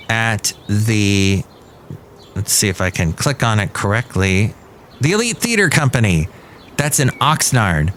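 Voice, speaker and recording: A man's voice: medium pitch, slight background noise. A man hosting a solo podcast in casual chat, rambling with jokey asides. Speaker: podcast host. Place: outdoors at a cafe.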